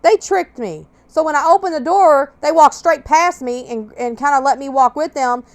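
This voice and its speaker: A woman's voice: high-pitched, steady tone, normal speed. A woman hosting a podcast, telling a personal story in a blunt, candid way with plenty of swearing. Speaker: podcast host.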